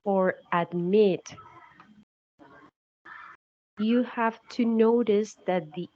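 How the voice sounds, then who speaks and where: A woman narrating an English spelling lesson, slowly and carefully repeating each example. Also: fairly low pitch, darkish tone, muffled recording. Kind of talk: recorded English grammar explanation.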